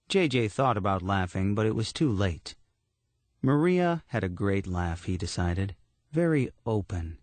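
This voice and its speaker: A man narrating a horror story audiobook in a steady, measured storytelling manner. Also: on the low side, no echo.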